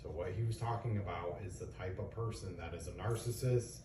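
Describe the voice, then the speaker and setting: A man's voice: low-pitched, a little fast, background noise. A middle-aged man, a father, earnestly explaining things to his young children in a casual talk, asking them questions and giving examples. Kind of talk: casual lecture to kids. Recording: echoey room, voice from a distance.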